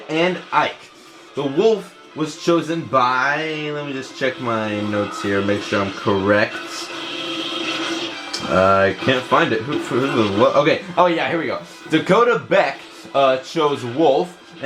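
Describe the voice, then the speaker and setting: A man commentating video game matches play-by-play, excitable and bursting into loud exclamations. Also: mid-range voice. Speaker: tournament commentator.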